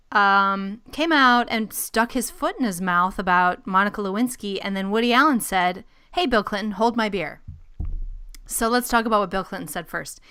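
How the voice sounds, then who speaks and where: A woman's voice: a little high, sharp tone, clear, resonant tone. A woman hosting a podcast, chatting casually about the news in a blunt, opinionated way. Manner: opinionated, blunt, laughs often. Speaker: podcast host.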